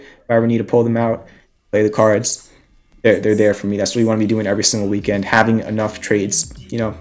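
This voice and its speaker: A man's voice: lowish voice, a little mellow. A young man hosting a casual stock trading livestream, a little out of breath, talking through trade ideas and answering chat questions.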